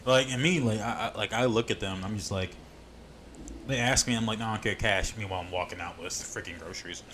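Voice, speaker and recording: A young man co-hosting a podcast, telling animated street stories in casual chat, swearing freely. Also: lowish voice, brisk, slight background noise. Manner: animated, swearing, laughs at his own stories. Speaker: podcast co-host.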